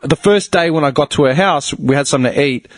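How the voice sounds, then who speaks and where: A man's voice: a little high, no echo. A man in his twenties with an Australian accent, a podcast host telling a rambling, sweary story in casual chat and acting out his relatives' lines. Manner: rambling, sweary, quick with fillers like "literally"; mimics relatives in quoted voices.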